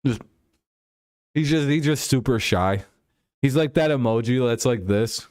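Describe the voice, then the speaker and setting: A man's voice: mid-range voice, a little slow, a little mellow, no room sound, clean studio sound. A man hosting a casual stream, rambling and joking crudely about sports. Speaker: streamer host.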